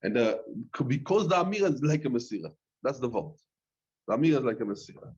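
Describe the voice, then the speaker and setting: A rabbi teaching a Talmud class, reading the text in a singsong chant and explaining it in plain, hesitant speech. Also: male voice, mid-range voice, sing-song, fast talker, darkish tone, husky, highs cut off. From London. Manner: hesitant, with many "uh" fillers.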